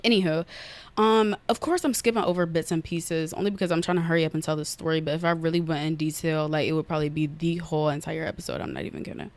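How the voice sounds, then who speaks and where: A young woman hosting a casual podcast, retelling a story in an animated, fast way and acting out her own outbursts, recorded on an iPad. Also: low voice. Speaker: podcast host. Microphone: iPad on an unsteady stand.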